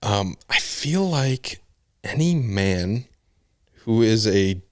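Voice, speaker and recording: A man's voice: on the low side, animated, takes it slowly, no room sound, clean studio sound. A man hosting a podcast, chatting casually with crude, blunt jokes and frequent swearing. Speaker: podcast host. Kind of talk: casual chat.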